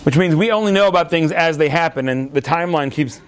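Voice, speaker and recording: Animated high-voiced rabbi teaching. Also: male voice, fast talker. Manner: lively storyteller, acts out yelling at a TV.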